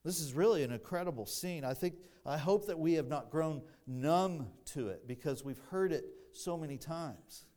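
A pastor delivers an expository sermon slowly and deliberately, growing louder on emphatic phrases and tossing dry asides to the congregation. His voice is a little high and expressive.

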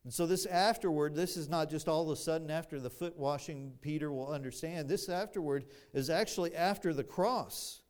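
This pastor's fairly high voice carries an expository sermon at a slow, deliberate pace. His volume builds on the phrases he stresses, and he slips in dry remarks to the people listening.

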